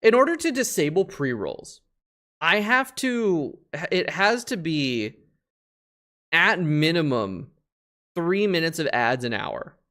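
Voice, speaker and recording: A man streaming a space game, talking casually over his play, swearing a lot and getting loudly frustrated. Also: on the high side, sing-song, slow. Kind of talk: casual live-stream gameplay commentary.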